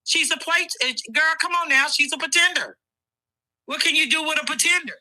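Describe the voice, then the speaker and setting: A woman's voice: high-pitched, a little fast, pushed and bright, poor audio. A woman co-hosting a casual livestream chat, explaining emphatically and addressing the listeners directly.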